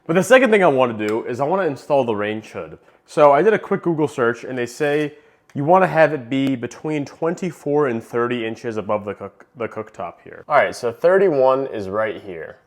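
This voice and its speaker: A man's voice: medium pitch, lively intonation, moderate pace. A young man from New Hampshire chatting to camera in a casual home vlog, joking as he works. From New Hampshire, USA. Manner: chatty, jokey, talks to camera while working. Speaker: fish-keeping vlogger. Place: home basement and rooms.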